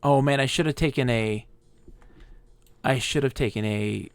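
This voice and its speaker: A man's voice: mid-range voice, normal speed, clean tone, dry recording. A man streaming a game live, chatting playfully and reading character lines aloud in put-on voices.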